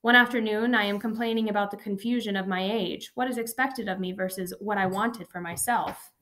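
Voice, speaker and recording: A woman reading a first-person memoir aloud as an audiobook narrator, steady and even. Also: mid-range voice, a little fast, slight background noise.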